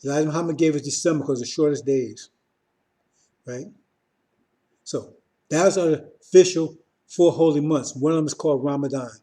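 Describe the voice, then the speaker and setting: Guy preaching loose and casual, kinda higher voice but mellow, says "see?" a lot, repeats himself. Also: moderate pace, long pauses. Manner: repetitive, keeps asking "see?", restarts often. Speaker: religious teacher. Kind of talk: informal sermon.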